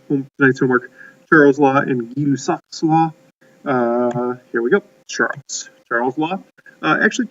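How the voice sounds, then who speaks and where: A man's voice: medium pitch, fairly bright tone, distant mic, muffled recording. A middle-aged man giving a chemistry lecture to his students, folksy and rambling, with lots of "uh"s and restarted words. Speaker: high school chemistry teacher. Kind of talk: recorded classroom lecture.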